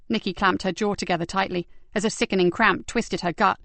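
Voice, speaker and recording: A woman narrating a crime thriller audiobook in a steady, measured storytelling manner. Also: medium pitch, no room sound. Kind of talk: scripted crime novel narration.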